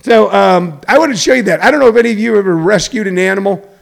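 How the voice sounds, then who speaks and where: Rambling, preachy man with a gravelly voice. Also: high-pitched, quick pace. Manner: preachy, digressive, shifts between loud emphasis and muttering. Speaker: show host. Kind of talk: rambling comedic monologue.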